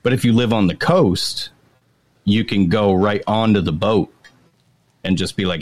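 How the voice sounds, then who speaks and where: A man's voice: on the low side, measured pace, pauses often, no room sound. A man with a Maine accent hosting a casual chat, laid-back and explaining things, swearing casually.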